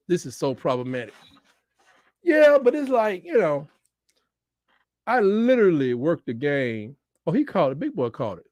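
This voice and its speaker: A man giving live, excitable reaction commentary on a football game, swinging between shouts and mutters. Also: fairly high pitch, moderate pace, dry recording, studio quality. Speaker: fan watch-along host.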